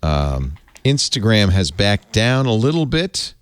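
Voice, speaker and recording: A man's voice: fairly low pitch, takes it slowly, clean tone, no echo. A middle-aged man hosting a tech panel show, telling jokey stories in casual chat. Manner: jokey, animated storyteller. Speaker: host.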